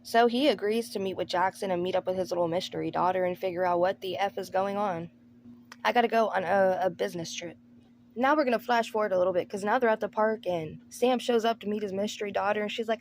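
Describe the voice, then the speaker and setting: A woman's voice: mid-range voice, fairly even intonation, quick pace, a little mellow, slight background noise. A woman hosting a movie review channel, giving a casual, sarcastic recap of a film. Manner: sarcastic, breezy, acts out characters' lines.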